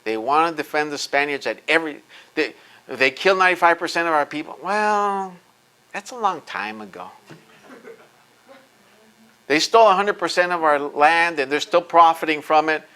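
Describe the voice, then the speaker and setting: A man fields questions after a lecture with fervent conviction. His voice sits a touch high for a man and has a hard, forceful edge. He hammers his points home by repeating them. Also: a little fast, smooth, poor audio. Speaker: lecturer answering audience questions. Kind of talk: impassioned Q&A talk. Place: lecture event.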